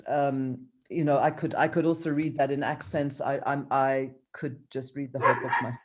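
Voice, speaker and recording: A woman's voice: rumbling low, level tone, normal speed, few pauses. A woman author reading from her own novel, then talking with hesitant ums and restarts over a video call.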